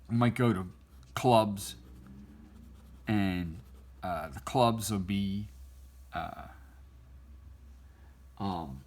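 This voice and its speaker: A man's voice: fairly low pitch, a little mellow. A middle-aged man casually telling a childhood story while he draws, rambling and laughing often. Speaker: artist drawing on stream.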